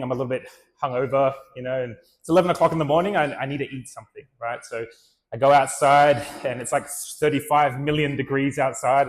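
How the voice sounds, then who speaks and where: A man tells stories to a room in a loose, chatty way, full of "like" and "you know". His pitch sits in a mid range. He sounds easy-going and conversational rather than polished. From Australia. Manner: relaxed, chatty, with many fillers. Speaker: speaker and vlogger. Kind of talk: storytelling talk to an audience.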